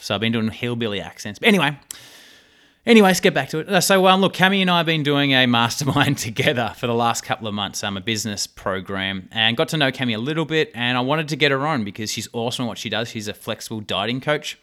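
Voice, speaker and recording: This podcast host is a man with a mid-range voice, talking fairly quickly in a pushed, bright tone. He keeps the casual interview chatty and upbeat, dropping in plenty of fillers.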